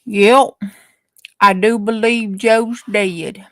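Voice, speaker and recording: A woman voicing a matter-of-fact male coroner with a deadpan delivery. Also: medium pitch, drawn-out words, no room sound.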